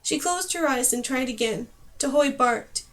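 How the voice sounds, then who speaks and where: A woman narrating a fantasy audiobook with expressive storytelling. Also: sits high, moderate pace.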